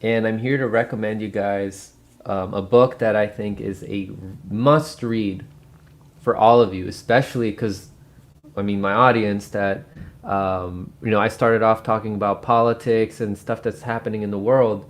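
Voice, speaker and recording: A man's voice: on the low side, fairly even intonation, moderate pace. A man hosting his own channel, recommending and explaining a book in a loose, casual way with lots of fillers and restarts. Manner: rambling, many fillers and restarts. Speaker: book review host. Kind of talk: casual spoken book review.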